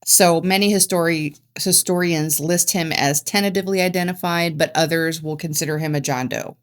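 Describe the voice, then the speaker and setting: A woman's voice: low-pitched, steady tone, moderate pace. A woman co-hosting a true-crime podcast, reading case facts from her notes with small stumbles and restarts. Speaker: podcast co-host.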